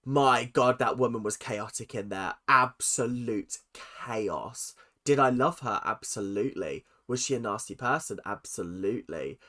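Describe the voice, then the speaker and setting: Bright chatty British man. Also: medium pitch, unhurried. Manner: chatty, laughing, mimicking lines. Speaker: reaction video host. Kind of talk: casual reaction commentary.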